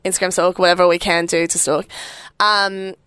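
A woman's voice: fairly low pitch, moderate pace, smooth, dry recording. A young woman co-hosting a casual podcast chat, teasing and laughing often. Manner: giggly, animated, teasing. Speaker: podcast co-host.

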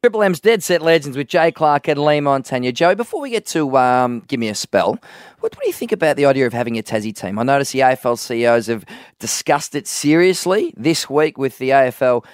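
An Australian man co-hosting a sports radio show, chatting quickly in casual banter and laughing easily. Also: mid-range voice, expressive, dry recording, studio quality. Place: dry radio studio.

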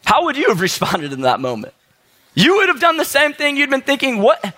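A man's voice: very high voice, huge pitch swings, brisk, sharp tone. A man preaching a sermon as a pastor, telling the story in a casual, conversational way.

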